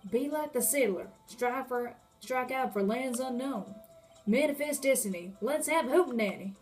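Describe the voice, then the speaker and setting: A woman's voice: high voice, normal speed, darkish tone, soft background music, natural voice. A woman voicing a swaggering male cowboy police officer with a put-on Texan drawl and folksy sayings.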